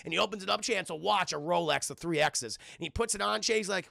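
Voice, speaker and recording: A man's voice: sits high, fast, vocal fry, hardly any pauses, sharp tone, no echo. A man recapping a film on a live stream, rambling and profane, talking to his chat.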